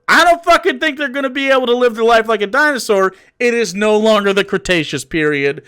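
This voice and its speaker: A man's voice: very high voice, lively intonation, a little fast, few pauses, bright, forceful tone, smooth. A man giving casual, sarcastic and profane reaction commentary on a political video.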